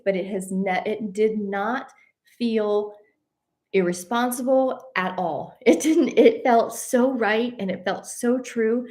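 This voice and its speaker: A woman telling a personal travel story in a casual, animated way. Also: medium pitch. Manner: animated, addresses listeners as y'all. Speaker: host.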